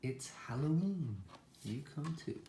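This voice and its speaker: A man voicing a small, friendly blue truck with high, excited calls, in an echoey room. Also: takes it slowly, background noise.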